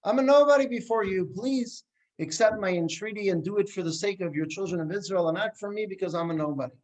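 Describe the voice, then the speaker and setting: A man's voice: high voice, fast, pitched above the performer's own voice, natural voice. A man voicing a humble rabbi who cries out in prayer in a told joke, with a pleading, emphatic delivery.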